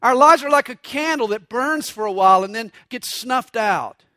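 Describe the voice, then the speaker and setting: A man's voice: extremely high pitch, animated, moderate pace, sharp tone, dry recording. A man preaching a sermon, mixing stories and jokes with acted voices for quotes. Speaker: pastor.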